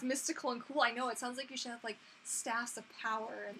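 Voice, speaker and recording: A woman's voice: fairly high pitch, fairly even intonation, brisk, very noisy. A woman in her thirties hosting a casual live Q&A, chatty and rambling, full of fillers and restarts. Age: 30s. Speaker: livestream host answering viewer questions.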